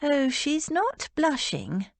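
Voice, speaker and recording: A woman's voice: high voice, very animated, measured pace, no room sound, pitched above the performer's own voice, heavily acted. A woman reading a dry-witted young lady, the bride's friend, with a wry manner in an audiobook.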